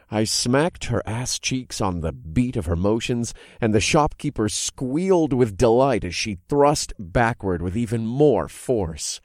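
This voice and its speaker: Lively low-voiced male narrator. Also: dry recording, studio quality. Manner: expressive, animated reading that builds in intensity. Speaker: audiobook narrator. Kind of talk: first-person scripted narration.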